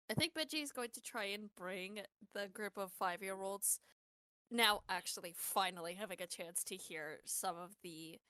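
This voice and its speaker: Bright, animated woman player. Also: mid-range voice, no room sound. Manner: animated storytelling. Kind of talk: tabletop role-play chat.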